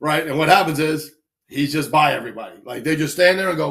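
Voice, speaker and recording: A man casually telling animated anecdotes on a live stream, acting out quick voices as he goes. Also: fairly high pitch. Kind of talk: casual storytelling.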